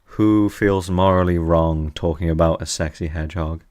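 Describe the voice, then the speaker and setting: Man, low voice, young adult, streamer, playful teasing chat, at his desk. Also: steady tone, moderate pace, darkish tone. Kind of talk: casual live-stream chat.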